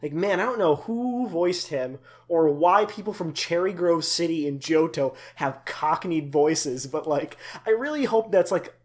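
A man's voice: a little high, animated, unhurried, hardly any pauses, a little mellow. A young man co-hosting a casual podcast, rambling with lots of fillers and asides. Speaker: podcast co-host. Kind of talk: casual chat.

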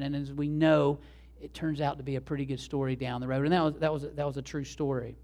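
A man's voice: medium pitch, flat delivery, quick pace, darkish tone. A male pastor giving a sermon, telling a story in a conversational way with asides to the congregation.

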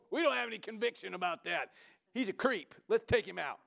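A man delivers a sermon in a lively, conversational way, pitched a little high for a man. He keeps checking in with the congregation and pressing them for agreement as he explains a passage. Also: fairly quick, gravelly. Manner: animated, conversational preaching with frequent "come on" and "right?". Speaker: pastor.

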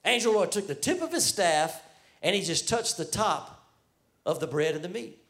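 A man's voice: sits high, expressive, normal speed, fairly bright tone. A man preaching a sermon, retelling a Bible story in casual, everyday speech and speaking the figures' lines in his own voice.

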